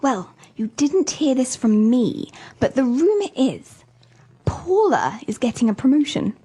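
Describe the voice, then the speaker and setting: Chatty office gossip, high, lively voice, husky edge, scripted dialogue. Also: female voice, a little slow, heavily acted. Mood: conspiratorial. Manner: conspiratorial, lively. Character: gossiping female office worker.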